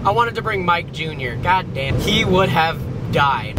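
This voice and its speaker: A man's voice: on the high side, lively intonation, measured pace, hardly any pauses. A man vlogging casually from a moving car, rambling, joking and swearing as he drives. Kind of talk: casual vlog while driving. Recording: road noise from a car.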